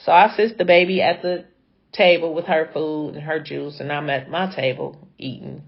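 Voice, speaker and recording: A woman's voice: sits low, fairly even intonation, moderate pace, breathy edge, lo-fi sound. A woman braider telling a dramatic story in a chatty, casual way, talking straight to her viewers. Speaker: hair braider.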